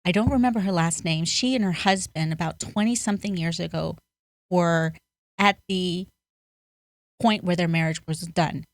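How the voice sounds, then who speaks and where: A woman life coach speaks as a podcast guest in an earnest, storytelling way. Her voice sits a bit low for a woman. The recording is dry and close. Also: normal speed, no room sound. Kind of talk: conversational interview.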